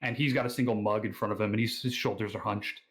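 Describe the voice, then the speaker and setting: A man with an Australian accent narrating a tabletop game as game master, pausing often with fillers. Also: lowish voice, steady tone, a bit bright, poor audio. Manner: hesitant, many fillers and restarts.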